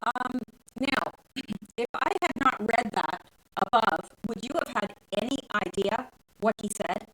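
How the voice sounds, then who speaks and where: A woman's voice: on the high side, unhurried, a bit bright. Scornful woman hosting news commentary. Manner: scornful, incredulous. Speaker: channel host. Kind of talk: news commentary, reading articles aloud.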